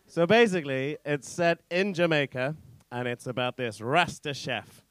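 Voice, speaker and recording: A young English man with a posh-sounding voice doing a stand-up set in a comedy club, telling rambling, self-mocking stories full of swearing and loud punchlines. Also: fairly high pitch, normal speed, clear, resonant tone. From England. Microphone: handheld stage mic.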